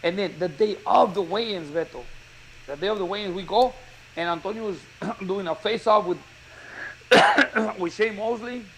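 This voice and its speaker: Boxing coach guy telling a fight story, high voice, faint room noise. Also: moderate pace, pauses often, poor audio. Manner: animated storyteller, acts out quotes. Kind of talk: casual storytelling chat.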